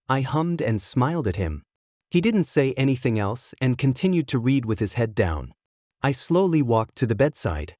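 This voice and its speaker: A man giving a steady, measured first-person narration of a scripted story. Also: mid-range voice, no echo, studio quality.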